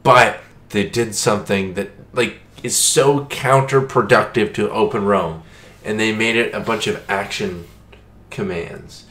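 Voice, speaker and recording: A man's voice: fairly low pitch, measured pace, fairly bright tone. A young man hosting a casual podcast, joking and rambling. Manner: joking, rambling, doing silly voices. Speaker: podcast host. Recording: echoey room, distant mic, faint noise.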